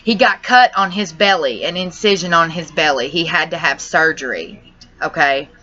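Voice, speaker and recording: A woman's voice: sits low, normal speed, sharp tone. A young woman tells her channel about a family crisis in a rambling, distressed way, cussing now and then. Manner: distressed, rambling, says y'all and cusses. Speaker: vlogger. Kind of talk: emotional personal vlog. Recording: dull lo-fi audio.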